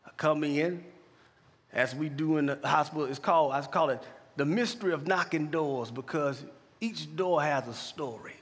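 Shouting preacher with a bright, husky voice. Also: male voice, a little high, normal speed. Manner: call-and-response preaching, building to shouted climaxes. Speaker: pastor and chaplain. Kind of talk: sermon. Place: large church hall. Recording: long hall reverb.

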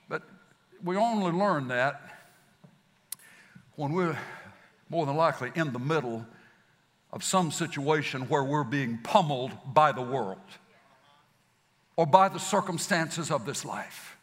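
High, lively preacher in an echoing hall. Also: male voice, a little slow, pauses often. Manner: dramatic swings from loud to hushed, folksy. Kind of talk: sermon. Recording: long hall reverb.

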